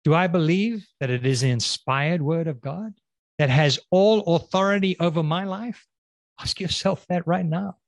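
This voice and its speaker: A man preaching with emphatic, questioning delivery, his slightly high voice rising on challenges and sinking low and slow on key words. The sound is dry and close, with no room echo. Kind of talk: sermon.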